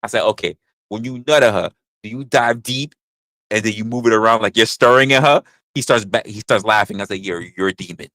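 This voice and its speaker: A man's voice: medium pitch, no room sound, clean studio sound. Rambling crude man on a livestream. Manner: loud, rambling, crude and joking, repeats himself. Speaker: livestream host. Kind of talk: casual livestream talk.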